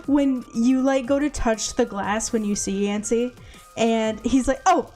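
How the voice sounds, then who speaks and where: A woman's voice: a little high, steady tone, unhurried, dark tone, soft background music. A woman hosting a casual discussion stream, chatting and laughing often between sentences. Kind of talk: casual chat.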